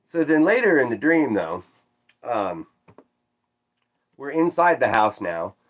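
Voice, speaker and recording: A man livestreaming, casually recounting a strange dream and reading chat, with animated swoops up when quoting himself and self-deprecating asides. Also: medium pitch, takes it slowly. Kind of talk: casual rambling storytelling, reading chat aloud.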